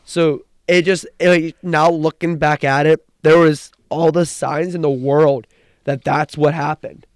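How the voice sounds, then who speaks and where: A young man co-hosting a podcast, recapping wrestling in an excited, rambling way with frequent restarts. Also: fairly high pitch, a little slow, smooth, no room sound, studio quality. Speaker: podcast co-host. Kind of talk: casual chat.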